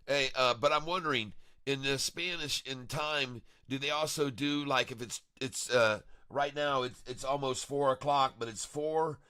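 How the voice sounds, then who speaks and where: A man hosts a live day-trading stream, his mid-range voice smooth and a little slow, recorded in a clean studio with no echo. He rambles in a chatty, showy way, chuckling often and hyping his viewers as "ladies and gentlemen."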